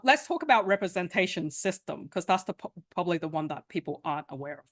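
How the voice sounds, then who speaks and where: Animated woman coach with lively pitch. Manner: animated, conversational, often asks "right?" and laughs. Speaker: sales and communication coach. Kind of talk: interactive online workshop teaching.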